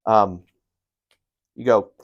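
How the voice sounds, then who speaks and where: A man giving a casual writing lesson, energetic and profane, with rambling asides, sometimes loud and sometimes muttering under his breath. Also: lowish voice, very slow, dull audio. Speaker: writing teacher. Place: home room writing on a board.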